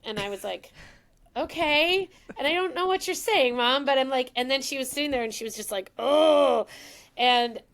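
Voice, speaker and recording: A woman's voice: high-pitched, a little fast. A woman as a podcast guest, telling an emotional personal story and acting out the lines of the people in it. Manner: emotional, animated, acts out quoted lines.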